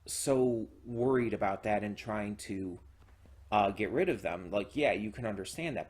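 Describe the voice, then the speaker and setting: A man's voice: lowish voice, slightly rough. A man hosting his own channel, talking casually and enthusiastically with lots of fillers, restarts and swearing. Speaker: reaction channel host. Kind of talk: casual solo commentary.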